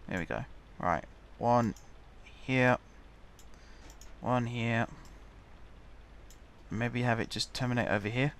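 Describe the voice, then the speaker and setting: A man's voice: mid-range voice, slow pace, long pauses, a bit bright, a little hiss or hum. A man chatting casually as he plays a building game, muttering to himself while he builds. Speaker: gaming channel host.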